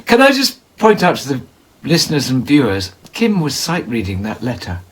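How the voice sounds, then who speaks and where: A man's voice: mid-range voice, huge pitch swings, moderate pace. A man co-hosting a podcast, chatting casually with teasing, joking banter. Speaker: podcast co-host. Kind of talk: casual chat.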